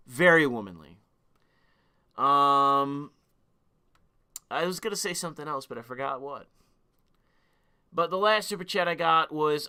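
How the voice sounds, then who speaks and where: Young guy ranting on his stream, swears a lot, trips over his words, really bright clean voice. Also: mid-range voice, lively intonation, normal speed, smooth. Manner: profane, heated, with stammering restarts. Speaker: livestream host. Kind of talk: ranting livestream monologue.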